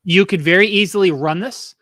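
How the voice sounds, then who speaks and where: Bright-voiced man hosting a trivia quiz. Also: sits high, dry recording, studio quality. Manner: chatty, laughing, reading questions slowly. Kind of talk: casual podcast chat.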